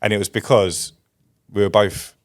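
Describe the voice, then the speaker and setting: A man's voice: on the low side, fairly even intonation, normal speed. A man, a podcast co-host trading dry jokes in casual chat. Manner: dry, joking banter.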